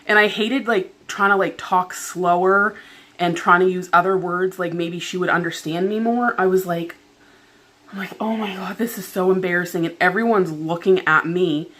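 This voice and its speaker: A woman's voice: fairly low pitch, steady tone, moderate pace, a bit bright. Chatty woman venting, full of "like". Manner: chatty, heavy filler "like", exasperated retelling. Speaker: vlogger. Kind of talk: casual venting story time.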